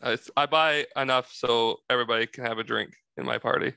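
A man's voice: mid-range voice, steady tone, a little fast, creaky, sharp tone, clean tone, no room sound. A man playing a tabletop game, talking casually. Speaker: player.

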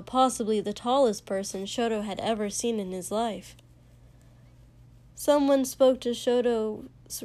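Narrator: woman reading a story, measured, slow delivery, voice on the higher side. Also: mellow. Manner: unhurried, measured. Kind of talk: reading fiction aloud.

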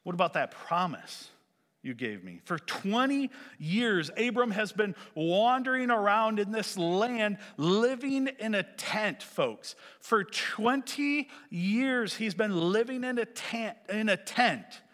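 A male preacher giving a sermon, animated, swinging from loud emphasis to hushed lines. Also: high voice, takes it slowly, hardly any pauses. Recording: echoey hall.

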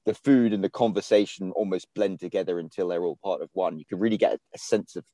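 British guest writer, low mellow voice, rambling casual storyteller. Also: male voice, quick pace, no echo. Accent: British English. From England. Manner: rambling, many fillers and restarts. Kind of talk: casual podcast chat.

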